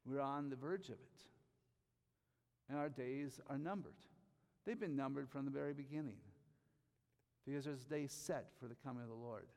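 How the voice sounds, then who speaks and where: A man preaching a sermon, reading scripture slowly and rising to loud emphatic bursts on key phrases. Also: medium pitch, big-room sound. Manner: reads scripture aloud slowly.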